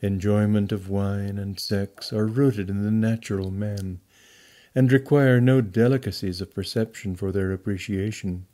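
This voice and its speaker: Male audiobook reader; low, warm tone, measured and deliberate. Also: steady tone. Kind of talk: scripted narration of a memoir.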